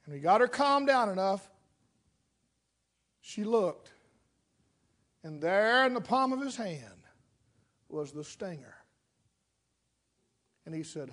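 A high-voiced male preacher giving a sermon. He tells his illustration with drama, building to loud, fast passages and dropping to near-whispers. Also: big pitch swings. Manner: dramatic storytelling, swings between loud and hushed.

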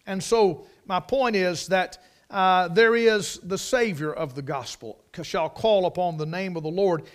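A man's voice: sits high, unhurried, smooth. A man preaching a sermon, emphatic, repeating key words for stress.

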